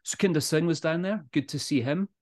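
Scottish guy hosting a whisky podcast, loud and upbeat, laughs a lot, chatty. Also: on the high side, a little fast. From Scotland. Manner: energetic, swearing, laughs often. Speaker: podcast host. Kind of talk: casual podcast chat. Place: Speyside, Scotland.

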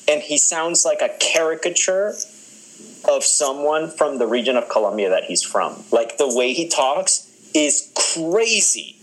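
A man's voice: mid-range voice, low-quality recording. A man co-hosting a podcast in casual chat, rambling with amused asides. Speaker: podcast co-host.

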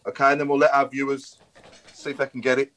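A man's voice: mid-range voice, completely flat delivery, quick pace, a bit bright. A man hosting a fan podcast, running a guessing game and repeating his words as he goes. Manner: running a quiz, repeats himself. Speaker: podcast host. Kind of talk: casual chat.

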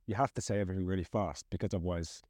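A man's voice: sits low, racing, darkish tone, no room sound, studio quality. A man with a southern English accent, a guest on a casual podcast chat, easygoing and teasing. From England, London and East Anglia. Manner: easygoing, teasing, laughs often. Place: living room at home.

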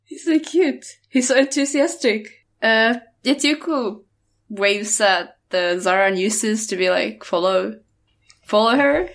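A woman playing a tabletop role-playing game, describing her character's actions. Her voice sits a touch high and she talks slowly. She sounds casual and hesitant, with plenty of fillers. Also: fairly even intonation, a bit bright. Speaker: player.

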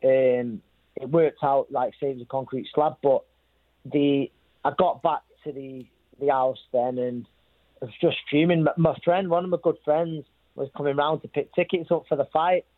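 A man's voice: mid-range voice, steady tone, moderate pace, no echo. Man telling a story over a thin line. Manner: rambling, repeats himself, quotes others. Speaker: boxer telling his story. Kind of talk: interview storytelling. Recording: thin phone-like sound.

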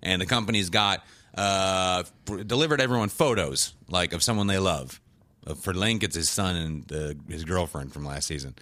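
A man's voice: sits low, moderate pace, sharp tone, dry recording. A man casually recapping a TV show on a podcast, rambling, swearing and laughing often. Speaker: podcast co-host.

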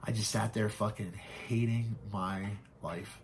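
A man telling his own story as a podcast guest, frank and halting, swearing often. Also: lowish voice, steady tone, a little hiss or hum. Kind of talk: candid personal storytelling.

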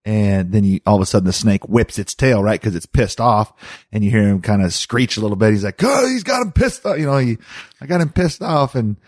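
A man co-hosting a podcast who chats casually and explains things in a calm, matter-of-fact way. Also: on the low side, a little fast, no echo, studio quality. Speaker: podcast co-host. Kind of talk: casual chat.

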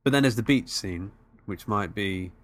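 A man's voice: lowish voice, normal speed, a bit bright. A man co-hosting a casual film chat, easygoing and a little hesitant as he recaps scenes. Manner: easygoing, hesitant, many fillers. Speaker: podcast co-host.

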